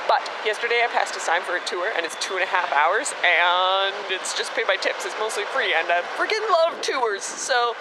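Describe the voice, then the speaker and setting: Young woman travel vlogger, lively singsong delivery, chatty and upbeat, recorded outdoors with clear traffic noise around her. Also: a little high. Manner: chatty, upbeat, self-deprecating asides. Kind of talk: casual travel vlog. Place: city streets, outdoors.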